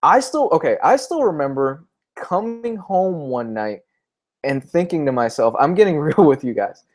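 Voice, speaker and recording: With a slightly high, sing-song voice at normal speed, a young man talks comics on a casual livestream. He's open and emotional as a vlogger, sometimes getting teary.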